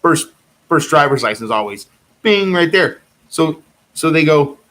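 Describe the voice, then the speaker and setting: A man's voice: on the high side, lively intonation, unhurried, fairly bright tone. A man delivering a rambling personal monologue, insistent and repetitive, circling back to the same claims again and again.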